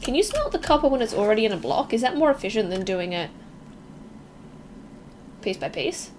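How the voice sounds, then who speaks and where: Young woman streamer, Melbourne accent, bright lively voice, casual game chat, faint typing behind. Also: fairly high pitch, brisk, noisy background. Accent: Australian, Melbourne. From Melbourne, Australia. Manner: chatty and expressive, self-deprecating, reacts aloud to the game. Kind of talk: casual gameplay commentary, chatting with viewers.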